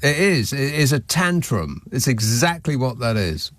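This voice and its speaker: A man's voice: mid-range voice, very animated, a little slow, slight background noise. Sardonic man hosting a phone-in. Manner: sardonic, dry asides. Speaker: radio talk show host. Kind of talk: late-night phone-in chat. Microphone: studio microphone.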